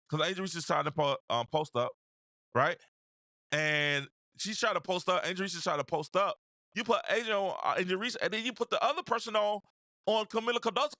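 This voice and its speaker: Animated high-voiced man hosting a stream. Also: no room sound, clean studio sound. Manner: animated, repeats phrases, greets viewers by name; casual slangy delivery. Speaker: host. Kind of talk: live stream basketball talk with chat shout-outs.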